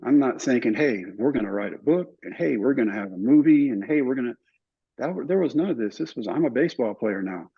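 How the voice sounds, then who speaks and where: An older man tells stories in an interview with a husky voice, acting out the people he quotes. His voice sits at an ordinary pitch. The recording sounds somewhat dull and muffled. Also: fairly quick. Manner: animated storyteller, acts out other people's lines. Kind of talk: telling stories in a relaxed interview.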